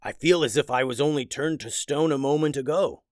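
A man voicing a confused, gruff male minotaur in a children's story, speaking slowly and haltingly. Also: a little high, no echo, clean studio sound, close to an everyday voice. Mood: bewildered. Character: dazed hulking male minotaur, slow and gruff.

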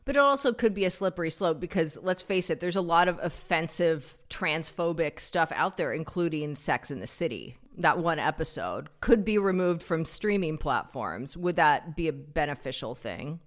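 A woman's voice: sits low, lively intonation, moderate pace, few pauses. A woman co-hosting a podcast in casual chat, opinionated and thinking aloud as she goes. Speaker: podcast co-host.

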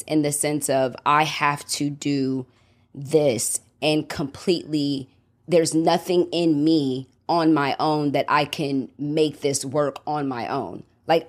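Earnest low-voiced woman podcaster. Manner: earnest, reflective, with restarts and fillers. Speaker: podcast host. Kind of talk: faith podcast, reading a devotional then sharing personally.

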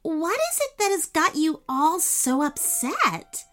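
A polite, eager young girl with a high, lively voice, put on by a woman reading a children's story. She speaks carefully and kindly, with a slow, gentle delivery. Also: exaggerated voice.

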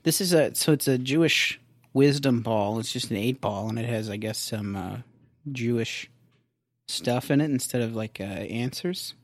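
A man's voice: mid-range voice, moderate pace, no room sound. A man co-hosting a comedy podcast in a studio, chatting casually with a profane, sarcastic, jokey manner. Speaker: podcast co-host. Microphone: close studio mic, headphones.

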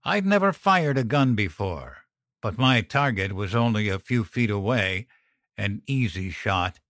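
A man reads a dark first-person horror tale in a low voice, taking his time over every line. His delivery is measured and grim. The sound is dry and close to the mic. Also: expressive, dry recording. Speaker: narrator.

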